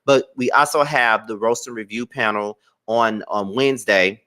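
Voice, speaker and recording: A man's voice: on the low side, moderate pace. A man hosting a casual celebrity gossip show, theatrical and dramatic. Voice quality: theatrical, animated. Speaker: show host.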